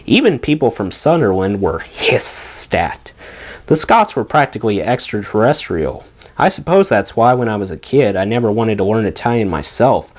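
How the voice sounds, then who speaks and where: A man reading a memoir aloud as an audiobook, with an expressive delivery. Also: fairly low pitch. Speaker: audiobook reader. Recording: dull lo-fi recording.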